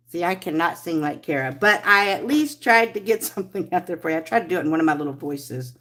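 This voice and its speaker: A woman's voice: fairly low pitch, expressive, fast, hardly any pauses, fairly bright tone. A middle-aged woman hosting a casual live stream, chatty and rambling as she greets viewers by name. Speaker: livestream host.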